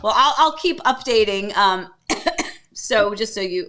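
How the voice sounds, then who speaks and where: A woman's voice: on the high side, lively intonation, slow pace, bright, forceful tone. A middle-aged woman hosting a casual livestream from home, chatty and rambling, humming filler syllables as she goes. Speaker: livestream host. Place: home, at a table.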